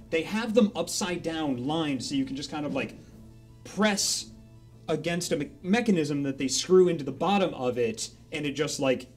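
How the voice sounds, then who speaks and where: Animated man telling a rambling story. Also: fairly high pitch. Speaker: storyteller on a charity stream. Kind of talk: casual live storytelling.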